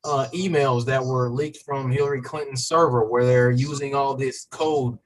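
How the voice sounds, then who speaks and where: A man's voice: medium pitch, steady tone, moderate pace, rough recording. A man joining a podcast as co-guest, laid-back and hesitant, speaking with many fillers. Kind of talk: casual podcast chat.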